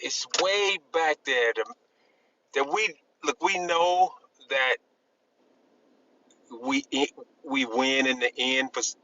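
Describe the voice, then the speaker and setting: A man in a casual group discussion, talking in a rambling, halting way with many restarts and emphatic bursts. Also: medium pitch, sharp tone, muffled recording. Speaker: discussion panelist.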